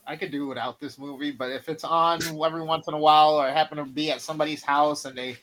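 A man's voice: fairly high pitch, fairly even intonation, fast talker, fairly bright tone, low-quality recording. A man in casual group chat, joking and sarcastic. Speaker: podcast panelist.

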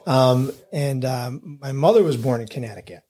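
A man's voice: mid-range voice, dark tone. A man from New York State chatting casually, rambling through family history and reflections. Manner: reflective, rambling, quick talker. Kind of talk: casual chat.

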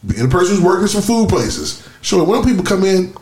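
A man's voice: sits high, very animated, fairly quick, a little mellow. A man co-hosting a casual podcast chat who talks emphatically in slang and mimics other people. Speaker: podcast co-host. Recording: roomy echo.

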